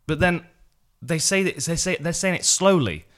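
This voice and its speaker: A middle-aged man, a fight commentator, co-hosting a podcast in a relaxed, chatty way and laughing easily. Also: a little high, normal speed. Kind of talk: casual podcast chat.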